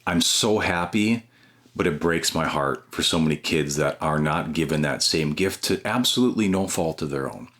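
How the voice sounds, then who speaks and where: A man, a guest on a podcast who is a stay-at-home dad and former teacher, telling personal stories in an earnest, animated way with frequent restarts. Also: rumbling low, moderate pace. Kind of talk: personal storytelling in an interview.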